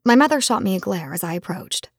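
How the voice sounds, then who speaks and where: A woman narrating a novel in the first person, with measured, intimate storytelling. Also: medium pitch, lively intonation, husky, dry recording, clean studio sound. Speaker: audiobook narrator.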